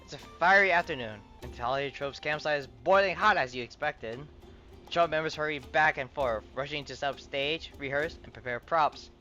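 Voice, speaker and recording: A man's voice: on the high side, moderate pace, bright, forceful tone, soft background music. Man reading game text, stumbling. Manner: stumbles and restarts often while reading. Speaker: game player reading the story aloud. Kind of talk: casual read-aloud of game text.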